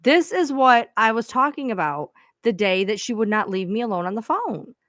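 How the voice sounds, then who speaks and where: A woman's voice: a little high, sing-song, moderate pace, fairly bright tone, dry recording, clean studio sound. A woman hosting her own live stream, venting to viewers in a frustrated, profane rant. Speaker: livestream host.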